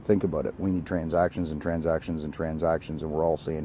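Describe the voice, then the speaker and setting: Deep-voiced older man ranting outdoors. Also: level tone, fast, warm tone, slight background noise. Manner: emphatic, blunt, swears casually. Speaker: network engineer. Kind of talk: ranting vlog monologue. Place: outdoors by a street.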